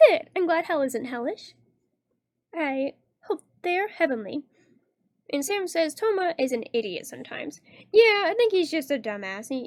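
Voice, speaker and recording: High-voiced, chatty woman streamer. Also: dry recording, studio quality. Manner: chatty, laughs often, rambling theorizing. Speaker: game streamer. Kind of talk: casual let's-play chat.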